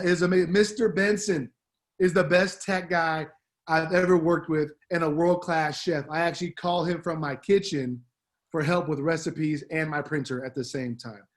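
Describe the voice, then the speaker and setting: Man, middle-aged, assistant principal farewell, slangy, heartfelt, higher-pitched voice. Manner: upbeat, slangy, heartfelt with many fillers. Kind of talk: farewell speech on school announcements.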